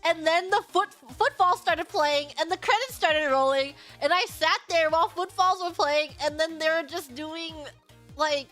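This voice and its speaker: A young woman streaming, chatting casually in a bubbly, giggly, excitable way. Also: very high voice, moderate pace, faint music behind.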